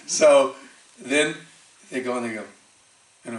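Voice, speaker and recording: A man giving a storytelling sermon at a temple, animated and chatty, acting out the voices in his stories with many fillers. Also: medium pitch, slow pace. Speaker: temple speaker. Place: temple hall. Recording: echoey hall, distant mic.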